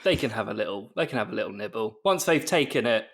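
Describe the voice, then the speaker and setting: A man's voice: lowish voice, lively intonation, quick pace, vocal fry, fairly bright tone. A man joining a casual podcast chat who laughs often and reacts with disbelief. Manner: laughing, incredulous. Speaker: podcast guest.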